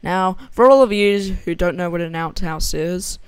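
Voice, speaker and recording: Young gamer, rambly and giggly, smooth voice, dry close mic. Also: mid-range voice, normal speed, no room sound. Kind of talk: casual gameplay commentary and joke telling.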